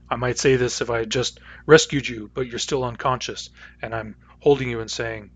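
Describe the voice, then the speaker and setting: Male language instructor, patient and methodical, mid-pitched voice, dull lo-fi recording. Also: normal speed, a bit bright, husky. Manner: patient, methodical, with many uh fillers. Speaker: language teacher. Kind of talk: lecture.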